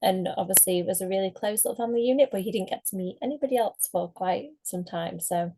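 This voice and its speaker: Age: adult. Sex: woman. Role: author guest on an interview. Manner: chatty, rambling, laughs a lot, middle-pitched voice. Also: fast, dark tone. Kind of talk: casual interview chat.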